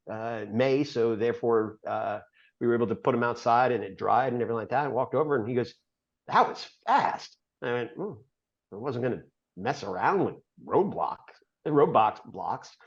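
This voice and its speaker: A man guest on a podcast telling a rambling story in a casual way, full of "uh"s and quick laughs. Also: mid-range voice, lo-fi sound. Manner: rambling, filler-heavy, laughs often mid-story.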